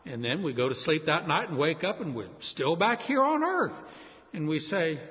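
A man delivers an expository sermon, walking through scripture with friendly, conversational asides. His voice sits a bit high and moves animatedly up and down. The sound is dull and lo-fi, with a long reverb trailing off as if in a large hall. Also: big pitch swings, moderate pace. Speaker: preacher.

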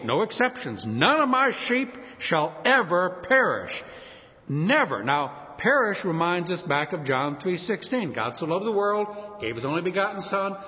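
A man preaching a sermon, building emphatically on key words. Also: sits high. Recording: dull sound with long hall reverb.

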